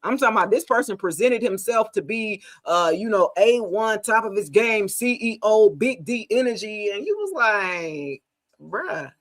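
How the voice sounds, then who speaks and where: A woman's voice: medium pitch, expressive, normal speed, hardly any pauses. A middle-aged woman from the United States, reading tarot for viewers on a casual livestream, playful and chatty with frequent laughter.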